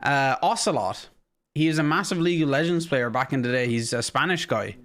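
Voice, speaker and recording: A man's voice: medium pitch, a little fast, fairly bright tone. Irish man in rambling casual chat. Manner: rambling, swears a lot, tells stories. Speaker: podcast co-host.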